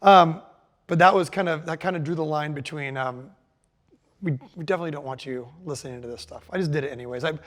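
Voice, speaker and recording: A man's voice: on the high side, quick pace, fairly bright tone. A man in his forties, a guest musician chatting casually in an interview, loose and rambling with lots of "like" and "you know". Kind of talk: casual conversation.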